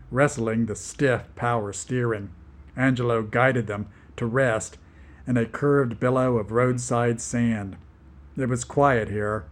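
A man narrating a story in a wry voice, dropping low and slow for quiet moments. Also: steady tone. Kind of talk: storybook reading.

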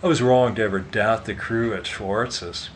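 A man voicing a smug businessman who talks in a low, clipped, dismissive way. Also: measured pace, slight background noise, natural voice.

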